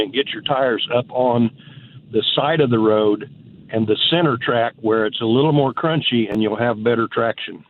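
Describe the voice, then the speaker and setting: A man from Indiana calls in to a radio show and gives plain, matter-of-fact advice with the odd filler. His voice comes through a tinny phone line with a faint hiss behind it. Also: medium pitch. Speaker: caller.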